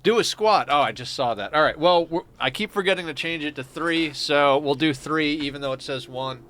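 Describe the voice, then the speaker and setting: Male game streamer with a bright, forward tone, rambling and casual. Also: on the high side, fairly quick. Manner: rambling, loose and chatty, swears now and then. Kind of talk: casual let's-play commentary.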